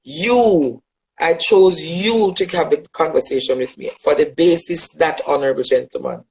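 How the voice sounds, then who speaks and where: A man's voice: on the high side, normal speed, gravelly, a little mellow, rough recording. A man from Jamaica with a Jamaican accent, an LGBTQ advocate delivering a fiery, rhetorical monologue at a critic and repeating phrases for emphasis. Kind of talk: impassioned monologue addressing a critic.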